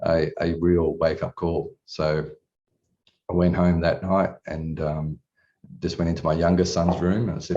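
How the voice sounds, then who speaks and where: Low-voiced man, far from mic. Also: little pitch movement, a little slow, warm tone. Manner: candid, rambling, swears casually. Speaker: coaching client. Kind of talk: personal story at a retreat. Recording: distant, dull room recording.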